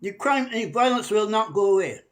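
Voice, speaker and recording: A man from Barbados giving a fiery preaching monologue, hammering his points and stretching key words out slowly. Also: high-pitched, lively intonation, a bit bright.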